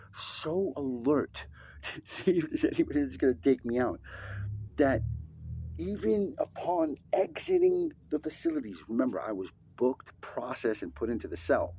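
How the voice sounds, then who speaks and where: A man telling a personal story in an emphatic, profane way, swinging between loud and hushed. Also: mid-range voice, gravelly, breathy edge.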